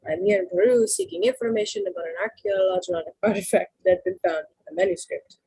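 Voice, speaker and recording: A woman's voice: mid-range voice, big pitch swings, fast, gravelly, mellow, slightly rough, dry recording, full character voice, low-quality recording. A woman putting on a formal French man. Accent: attempted French accent. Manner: formal, polite phrasing.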